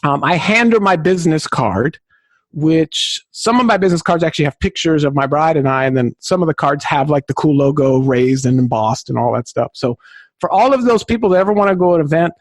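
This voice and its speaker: A man from Southern California, a podcast guest who tells stories in an excitable, high-energy way. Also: brisk, dry recording. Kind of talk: enthusiastic podcast conversation.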